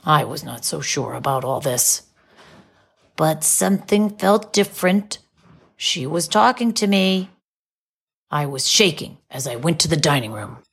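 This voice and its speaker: A woman narrating a children's storybook from a dog's point of view, gentle and expressive, rising high when surprised. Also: gravelly, slightly rough.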